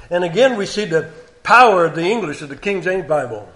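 A man giving expository Bible teaching, reading old scripture aloud with growing force and dropping to quiet comments between passages. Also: high voice, expressive, brisk. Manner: reads King James scripture aloud with rising force.

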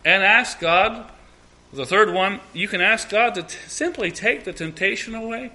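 A man's voice: high-pitched, moderate pace, sharp tone. A middle-aged man leading an evening Bible study, earnest, repeating key phrases and acting out short prayers.

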